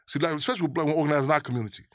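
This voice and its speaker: Interview guest from Chicago: quick, restless storyteller, repeats words, swears freely, sits dry and close on the mic. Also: male voice, on the high side, no echo. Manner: rambling, repeats words, profane, animated.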